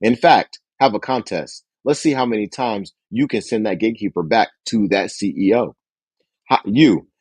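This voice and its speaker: Male host reading a sales book; low husky voice, lively intonation, dry close sound. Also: normal speed, hardly any pauses, dry recording. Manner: acts out phone dialogue with raised pitch for characters.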